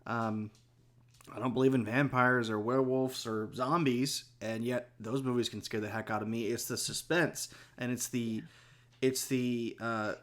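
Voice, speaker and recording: A man's voice: medium pitch, fairly even intonation, measured pace, fairly bright tone. A man with a mid-range voice chatting on a podcast about film versions and scenes. He sounds well-informed but keeps restarting his sentences. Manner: knowledgeable, full of restarts and fillers. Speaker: podcast co-host. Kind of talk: casual movie discussion.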